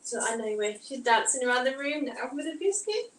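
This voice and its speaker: A chatty mum talks to her viewers while she potters around the kitchen, her throat sounding tight and strained. Her voice sits a little high for a woman. The mic is set some way off in an echoey room, with a faint hum of home noise behind her. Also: big pitch swings, brisk, fairly bright tone, recorded from a distance. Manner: chatty, rambling, reads out live comments. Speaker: vlogger. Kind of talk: casual chat while doing housework.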